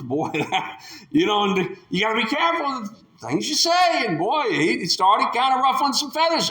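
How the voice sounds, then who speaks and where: A man preaching a sermon with passion, acting out the voices of the people in the story and rising to shouts. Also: very high voice, very animated, moderate pace, reverberant. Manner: impassioned, acts out the quotes with rising shouts.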